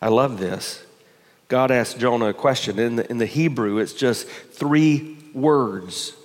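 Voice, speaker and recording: A man's voice: medium pitch, unhurried. A male pastor preaching a sermon to his congregation, building intensity with rhetorical questions. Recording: long hall reverb.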